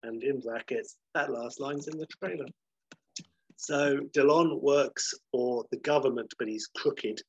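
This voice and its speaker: A man's voice: mid-range voice, a little slow, creaky, slightly rough, lo-fi sound. A man casually retelling a film plot, chatty with many fillers, acting out the dialogue.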